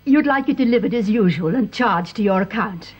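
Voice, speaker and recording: An actress playing a courteous, deferential shop assistant in a radio drama. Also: female voice, mid-range voice, animated, fairly quick, breathy edge, lo-fi sound. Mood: tactful. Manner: courteous, tactful. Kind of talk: 1930s-set radio drama.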